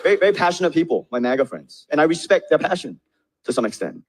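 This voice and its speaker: A man's voice: a little high, animated, fast. A man doing a stand-up comedy set, joking and laughing through his punchlines.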